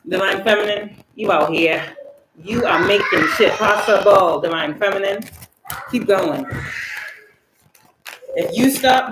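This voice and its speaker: A woman giving a spiritual tarot reading, talking emphatically, swinging between loud outbursts and soft asides. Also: mid-range voice. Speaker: tarot reader and spiritual channeler. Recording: echoey room with background noise.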